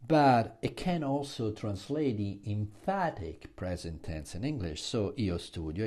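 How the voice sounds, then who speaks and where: Slow-speaking male teacher. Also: lowish voice, lively intonation, a little mellow. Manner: slow and explanatory, stresses example words. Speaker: language teacher. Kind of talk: classroom lecture.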